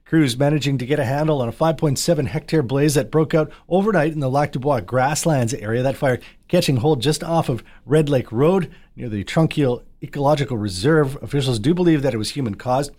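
A man anchors a local radio newscast in a brisk, measured manner. His voice sits in a middle pitch and stays steady through each item. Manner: brisk, measured news delivery.

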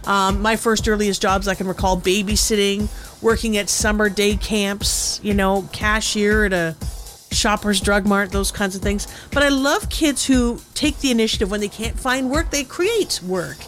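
A woman's voice: medium pitch, normal speed, a bit bright. Woman, radio host, chatty, upbeat, light background music. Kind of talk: casual radio chat.

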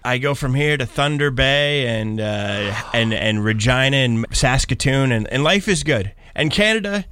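A man from Pittsburgh, a traveling musician, telling stories in a casual interview with lively enthusiasm. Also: mid-range voice, moderate pace, slight background noise. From Pittsburgh, USA. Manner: enthusiastic, animated storyteller.

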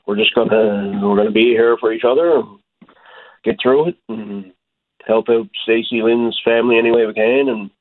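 A man, a hockey coach, speaking haltingly with many fillers and repeated words in a phone interview. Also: lowish voice, fairly even intonation. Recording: tinny phone line.

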